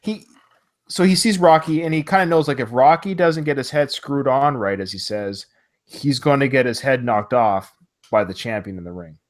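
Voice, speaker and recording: Podcast co-host, man, casual and animated, recaps movie scenes, mid voice, call audio. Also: medium pitch, moderate pace. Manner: animated, quotes movie lines in retelling. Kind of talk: casual film discussion. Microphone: remote call.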